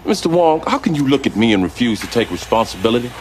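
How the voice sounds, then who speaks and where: A man's voice: medium pitch, big pitch swings, quick pace, natural voice. An actor playing an indignant male customer arguing about a shrunken shirt.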